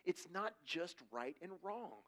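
A man's voice: sits high, very animated, slow, fairly bright tone. A middle-aged man giving a conversational sermon, telling stories casually and acting out quoted voices. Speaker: preacher.

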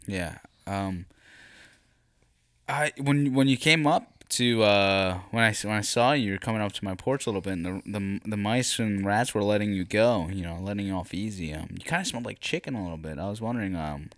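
A man's voice: on the low side, fairly quick, a bit bright, dry recording, studio quality. A man interviewing a guest in a comedy bit, hesitant and fumbling, with fussy exclamations.

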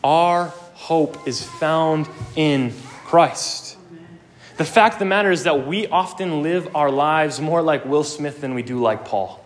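A man's voice: a little high, slow pace. A young man preaching a sermon, earnest and emphatic, with casual asides.

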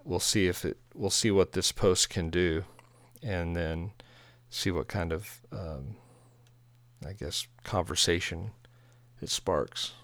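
Low-voiced man chatting, dry close mic. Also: takes it slowly, a bit bright, no echo. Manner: rambling, self-deprecating storyteller. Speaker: pastor. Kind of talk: casual chat.

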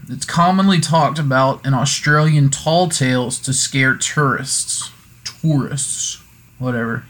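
Man, host, casual folklore talk, digressive, jokey asides, self-correcting, average pitch. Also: fairly bright tone. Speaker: podcast host.

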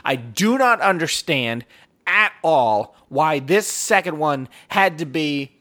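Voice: medium pitch, takes it slowly. A middle-aged podcast co-host ranting in a casual chat, swearing freely and talking with lots of energy. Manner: profane animated ranting.

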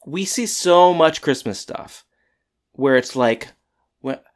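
A man's voice: fairly high pitch, animated, takes it slowly. A man in casual conversation, retelling a TV episode scene by scene and acting out the characters' lines. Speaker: podcast co-host recapping a TV episode. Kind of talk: casual chat.

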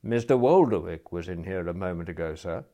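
Stiff, disapproving cloakroom attendant, low and subdued, as a male narrator puts him on in a storybook reading. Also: lively intonation, a little fast, warm tone. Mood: cool. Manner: subdued, coolly deferential.

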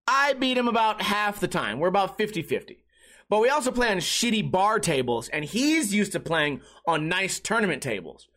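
A man's voice: high-pitched, a bit bright. A young man hosting a podcast on his own, telling stories in a rambling, profane, self-deprecating way. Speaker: podcast host. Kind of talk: casual solo podcast monologue.

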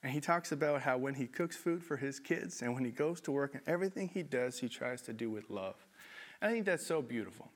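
A man preaching a sermon in a conversational, animated way, with self-deprecating asides. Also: medium pitch, a little fast. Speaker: pastor.

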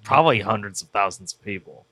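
Bright-voiced sardonic man. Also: lowish voice, animated, fast, no echo. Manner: sardonic, swears freely. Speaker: wrestling podcast co-host. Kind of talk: casual chat.

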